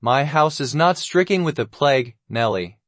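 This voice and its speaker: A man's voice: mid-range voice, animated, normal speed, a bit bright, dry recording, close to an everyday voice. A man voicing a brooding, menacing middle-aged man with a sardonic, curbed ferocity.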